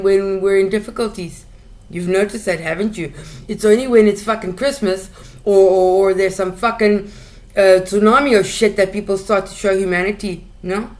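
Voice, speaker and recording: A woman hosting a solo talk show, ranting bluntly with lots of swearing and repeated words as she gets heated. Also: mid-range voice. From South Africa. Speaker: podcast host ranting solo. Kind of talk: casual monologue rant.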